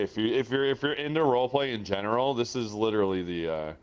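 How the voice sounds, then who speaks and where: A man's voice: medium pitch, lively intonation, clear, resonant tone. Enthusiastic man hosting a chat. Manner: enthusiastic, halting, many restarts. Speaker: host. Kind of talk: casual interview chat.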